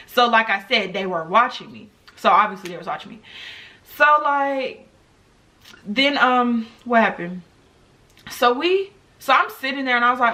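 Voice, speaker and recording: A young woman from the United States telling a personal story on her vlog, talking to viewers in an animated, chatty way. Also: fairly high pitch, normal speed. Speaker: vlogger.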